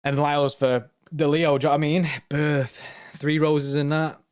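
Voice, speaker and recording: A man's voice: on the high side, little pitch movement, moderate pace, a little mellow, clear, resonant tone. A man co-hosting a football fan show, chatting casually and rambling with slang and restarts. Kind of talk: casual chat reading viewer comments.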